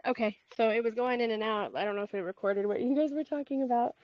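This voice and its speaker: Brief: higher-voiced woman, blunt laughing talker, heard through dry, dull call audio. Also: fast talker, no echo. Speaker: call participant. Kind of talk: casual chat.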